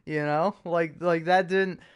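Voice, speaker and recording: A young man talks casually on his podcast, rambling through a story full of swearing, restarts and self-mocking asides. His voice sits a little high and sounds smooth and clear. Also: fairly even intonation, unhurried. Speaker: podcast host. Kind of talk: casual chat.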